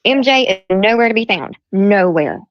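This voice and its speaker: A woman's voice: mid-range voice, animated, normal speed. A middle-aged woman hosting a livestream, retelling a quarrel in quoted speech and repeating herself. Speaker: livestream host. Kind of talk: heated casual storytelling. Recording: dull lo-fi stream audio.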